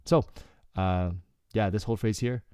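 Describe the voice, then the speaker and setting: A man teaching Korean through song lyrics in a relaxed, explanatory way, often checking in with "okay" and filling with "like". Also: lowish voice, moderate pace, smooth, dry recording, studio quality. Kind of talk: casual lyrics breakdown lesson.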